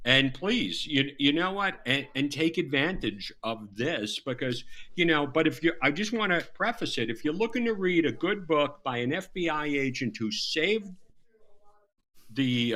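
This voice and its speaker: A middle-aged man with a Southern American accent talks as a podcast guest and tells his stories with plenty of emphasis. His pitch swings widely, and he suddenly jumps louder to drive a point home. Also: very animated, a little slow. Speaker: guest, former FBI agent. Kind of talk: animated podcast interview.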